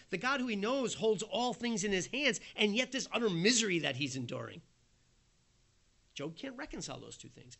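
A man preaching a sermon, earnest and conversational, dropping soft and then rising emphatic as he acts out the quoted voices. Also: high-pitched.

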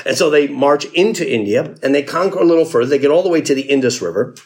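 Guy preaching casually, tells it like a story, voice a bit on the high side. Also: lively intonation, fast, darkish tone. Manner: conversational storytelling, acts out quotes with laughs. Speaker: pastor. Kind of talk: sermon.

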